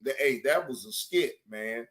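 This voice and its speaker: A man's voice: mid-range voice, unhurried, fairly bright tone, voice pushed down, natural voice. A man mimicking a flustered man who stammers and pleads, repeating himself over and over. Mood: pleading.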